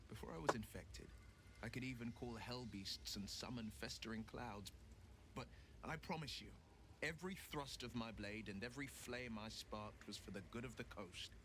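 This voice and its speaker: A man's voice: on the low side, background noise, close to an everyday voice. A man voicing an earnest, principled young warlock hero in video game dialogue, speaking steadily and formally.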